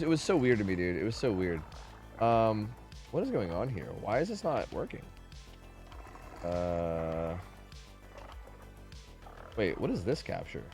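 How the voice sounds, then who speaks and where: A male streamer chatting casually with his viewers, his voice swinging high and low as he rants and curses freely. Faint music plays quietly underneath. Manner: animated, profane, ranting. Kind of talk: casual chat.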